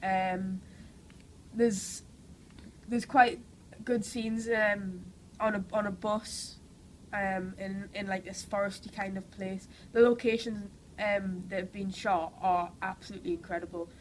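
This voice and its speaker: In a casual interview, a young actress with a cold and a Geordie accent from Newcastle chats enthusiastically, often saying "like" and "you know." She speaks unhurriedly in a mid-range voice with fairly even intonation. The recording is rough, with a little hiss or hum.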